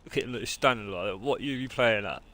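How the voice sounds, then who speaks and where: A man's voice: mid-range voice, quick pace, bright, forceful tone, a little hiss or hum. A man, chatting casually with viewers on a live game stream and greeting them as mate. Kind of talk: live-stream chat while gaming.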